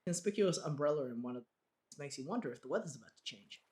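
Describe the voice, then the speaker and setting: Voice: medium pitch, lively intonation, fast talker, mellow. A streamer reading a game aloud and chatting between the lines in a chatty, giggly way. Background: game music.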